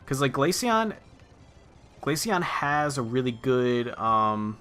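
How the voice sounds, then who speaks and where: A man's voice: medium pitch, big pitch swings, slow pace, a bit bright, soft background music. A young man giving casual, rambling commentary while playing a video game, swearing offhandedly. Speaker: let's play gamer.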